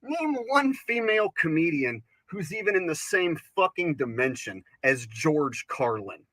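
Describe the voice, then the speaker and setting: A man performing as a crude male stand-up comic in a recorded bit, swearing, mocking and building up to shouts. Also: fairly high pitch, big pitch swings, a little slow, no echo, full character voice, rough recording. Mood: ranting. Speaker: stand-up comedian.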